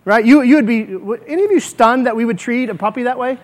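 A male pastor preaching a sermon, emphatic, slowing down to stress key words. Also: extremely high pitch.

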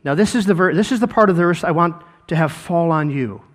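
A man's voice: fairly high pitch, fast talker, long reverb tail. A pastor preaching a sermon in a church, retelling scripture dramatically and repeating words as he goes. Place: church sanctuary.

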